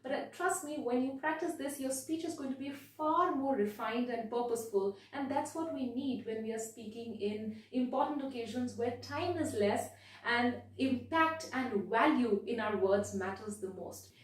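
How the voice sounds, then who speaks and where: A woman speaking coach giving a measured, deliberate video lesson, stressing key words. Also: on the high side. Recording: very echoey room, voice from far off.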